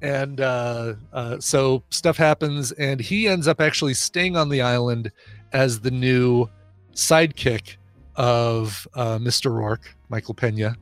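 A man co-hosting a podcast in casual movie chat, animated and laughing often as he retells scenes. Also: mid-range voice, slow, no room sound, soft background music. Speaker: podcast co-host.

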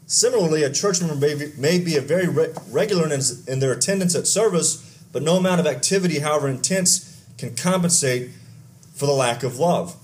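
A pastor from Texas, preaching a conversational sermon with asides, stories and questions to the congregation. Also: male voice, fairly high pitch, a little mellow, a little hiss or hum.

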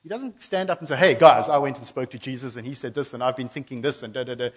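A man preaching a sermon in a church, animated and acting out the voices of the people he quotes. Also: medium pitch, fast, breathy edge.

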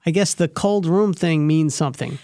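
A man's voice: a little high, moderate pace, mellow, no echo. A man hosting a radio show, telling a personal story in a rambling, hesitant way full of restarts. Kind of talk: casual storytelling chat.

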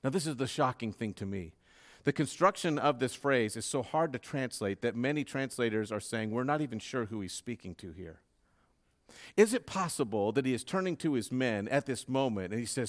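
A man preaching a sermon with fervor, dropping to a hush and then rising to loud, dramatic peaks. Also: medium pitch, expressive, brisk. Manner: dramatic preaching, swinging from hushed to loud, fervent.

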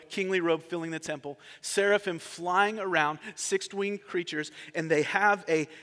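A man preaching in a church sanctuary, his voice sitting a little higher than most. He keeps it conversational and often turns questions back to his listeners. A long reverb trails off his words. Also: pushed and bright. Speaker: pastor. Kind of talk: sermon.

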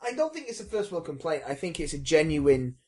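A man co-hosts a casual podcast with a slightly high voice that moves around a lot in pitch. His remarks come out dry and blunt. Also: very animated, fairly quick, a little mellow. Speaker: podcast co-host. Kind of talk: casual chat.

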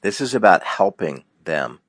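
A middle-aged man, a counselor, talking earnestly in a preacher-like way, slowing down and speeding up for emphasis. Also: low-pitched, sing-song, no echo, clean studio sound. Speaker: counselor, show guest. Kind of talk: casual faith-based talk.

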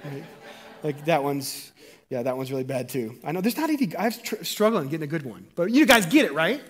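A man preaching a sermon as pastor, animated and jokey, getting the congregation to repeat words after him. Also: a little high, fairly quick.

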